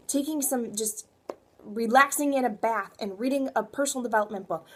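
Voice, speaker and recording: A young woman fitness coach giving a rambling, emphatic motivational talk to her viewers. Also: a little high. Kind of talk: motivational vlog.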